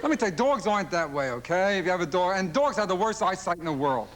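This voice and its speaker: A man's voice: animated, faint music behind. A male stand-up comedian, firing off observational jokes on a late-night talk show and mimicking fans in silly voices. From Philadelphia. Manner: rapid-fire observational jokes, mimics fans and dog owners in high voices. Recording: old television broadcast with loud audience laughter. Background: studio audience laughing.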